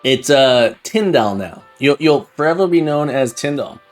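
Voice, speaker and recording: A man hosting a live coding stream, chatting excitedly and jokingly with viewers, often repeating words and restarting his sentences. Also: medium pitch, normal speed, soft background music. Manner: laughs often and jokes with chat. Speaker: livestream coding host. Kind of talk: casual live-stream chat while coding.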